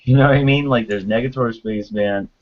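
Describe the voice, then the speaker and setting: A man's voice: medium pitch, a little fast. A man chatting casually on an online call, rambling with many fillers and restarts. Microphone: computer mic on a video call. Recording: dull lo-fi online call audio.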